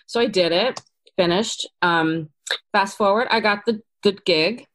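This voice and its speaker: A woman's voice: mid-range voice, unhurried. A middle-aged woman, a casting director, chatting in an interview and acting out quoted lines as she tells stories. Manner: animated storyteller, acts out quotes. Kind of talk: casual interview chat.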